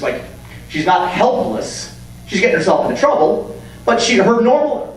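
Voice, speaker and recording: Animated man joking at a convention panel. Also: a little high. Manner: animated, jokey, acts out scenes. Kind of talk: comedic lecture. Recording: echoey hall, distant mic, hum.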